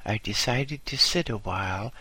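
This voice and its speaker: A man narrating a first-person memoir audiobook in a measured, deliberate storytelling manner. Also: fairly low pitch, sharp tone, husky, rough recording.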